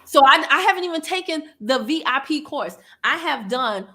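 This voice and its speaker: Bright, lively woman hosting a livestream. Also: high-pitched, moderate pace. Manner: animated, laughing, reads viewer comments aloud. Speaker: livestream host. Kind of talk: casual livestream chat.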